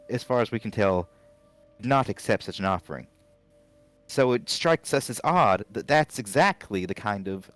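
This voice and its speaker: A man role-playing his character in a measured, persuasive way, with a posh British accent that keeps a Southern US twang. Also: on the low side. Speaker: player.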